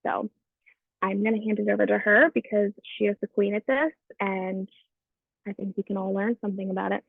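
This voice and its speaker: Gravelly woman on a tinny call line. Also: medium pitch, steady tone, brisk, no room sound. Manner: upbeat and encouraging, hypes up her co-leader. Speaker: team call host. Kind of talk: motivational team call talk. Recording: dry, tinny phone-like line.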